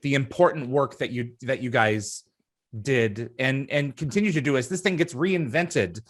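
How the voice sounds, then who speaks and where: A man's voice: mid-range voice, normal speed. A man hosting a video-call interview, speaking earnestly and thanking his guests. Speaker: host.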